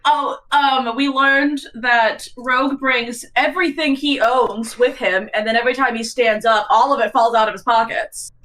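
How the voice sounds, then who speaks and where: A woman's voice: fairly high pitch, steady tone, moderate pace, hardly any pauses, a bit bright, rough recording. Teasing woman podcast co-host. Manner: teasing, storytelling. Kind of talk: casual chat.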